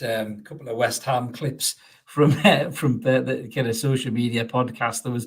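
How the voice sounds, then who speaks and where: A man's voice: medium pitch, fairly bright tone. A man hosting a casual football podcast. He is chatty and sweary, laughs often and restarts his sentences a lot. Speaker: podcast host. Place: home studio, podcast.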